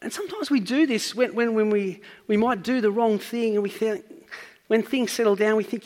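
A man's voice: high voice, normal speed, a little mellow, big-room sound. A man preaching a sermon, earnestly teaching and building up to emphatic points.

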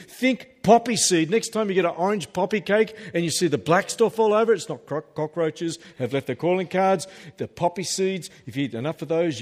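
A man preaching a sermon as pastor, emphatic and peppered with humorous asides. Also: on the high side. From Australia. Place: church hall. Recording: reverberant church hall.

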